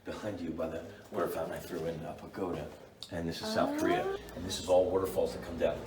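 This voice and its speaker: A man giving a guided walking tour of his painted rooms, an enthusiastic and animated storyteller. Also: sits low, fast, a little hiss or hum. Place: indoor building hallways and rooms. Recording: roomy echo, distant mic.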